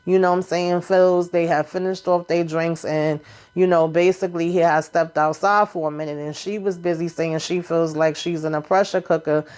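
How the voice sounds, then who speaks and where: A woman's voice: lowish voice, steady tone, moderate pace, a little mellow, clean tone. A woman giving a casual, sassy recap of a reality TV episode, full of chatty asides.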